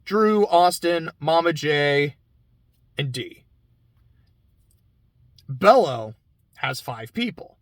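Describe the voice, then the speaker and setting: A man's voice: fairly high pitch, animated, very slow, pauses often, dry recording. Man, tenor-ish, dry close sound; candid chatty recapper who swears freely. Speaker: reality TV recap host. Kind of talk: casual episode recap commentary.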